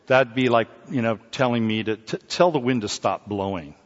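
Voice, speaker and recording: A middle-aged man delivers a sermon with dramatic swings from loud cries to hushed near-whispers, sprinkling in joking asides. His voice sits at an ordinary pitch for a man. It rings through a big church hall with a long echo, and the sound is somewhat dull. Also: moderate pace. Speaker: preacher.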